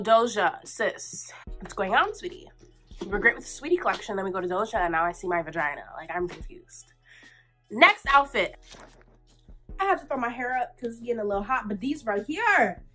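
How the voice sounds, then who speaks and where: A sassy young woman with a fairly high voice chats through a clothing try-on. She talks bluntly and playfully, calling her viewers sweetie, and sounds hot and a bit out of breath. Soft music plays faintly underneath. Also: poor audio. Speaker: fashion vlogger. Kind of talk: try-on haul chat.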